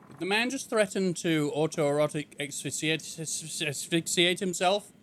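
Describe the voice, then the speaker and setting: A man's voice: a little high, a little slow, fairly bright tone, a little hiss or hum. A man streaming a video game, commenting casually in a joking, incredulous way. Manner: joking, incredulous, laughs often.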